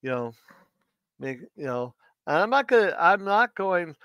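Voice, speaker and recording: A man hosting a casual livestream, chatting in a rambling, halting way with many restarts, who says Washington with an R in it. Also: sits high, big pitch swings, sharp tone, clean tone, dry recording. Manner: puts an R in Washington. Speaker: livestream host.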